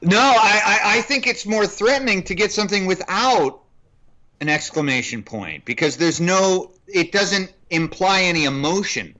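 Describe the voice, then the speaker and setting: Man, podcast co-host, dry contrarian banter, bright forceful tone, dull lo-fi audio. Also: high voice, lively intonation, normal speed. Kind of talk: casual film review chat.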